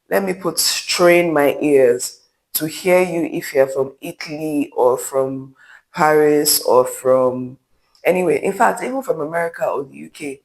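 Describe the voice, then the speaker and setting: Nigerian guy ranting his opinions on a vlog, bit higher voice, blunt, goes off on tangents. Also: low-quality recording. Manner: candid, emphatic, with rambling asides. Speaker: vlogger.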